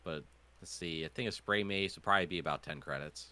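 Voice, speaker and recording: A man's voice: low voice, fast, sharp tone. A man running a tabletop game as game master, talking casually and thinking aloud.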